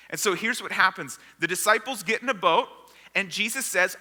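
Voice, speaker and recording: High bright-voiced preacher in a hall. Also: male voice, fairly quick. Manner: storytelling, acting out the disciples and crowd. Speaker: pastor. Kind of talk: sermon. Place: church sanctuary. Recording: long hall reverb.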